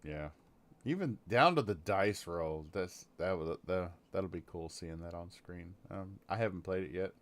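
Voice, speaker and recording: A man's voice: low-pitched, a little slow. A man hosting a gaming podcast in casual chat, wry and joking. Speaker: podcast host.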